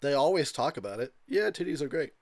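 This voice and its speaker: A man's voice: on the high side, sing-song, quick pace, dry recording. A tipsy man giving rambling, crude commentary over a movie, laughing often. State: tipsy from drinking. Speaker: commentary host.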